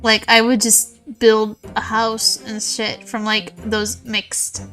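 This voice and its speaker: A woman streaming a game, chatting loosely to her viewers in a tired, rambling way. Her humor runs dry and sarcastic, with playful mock insults. Her voice sits somewhat high for a woman. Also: completely flat delivery, slow pace, sharp tone, faint music behind. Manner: rambling, self-mocking, sarcastic. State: tired, yawning. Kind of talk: casual game-stream chat.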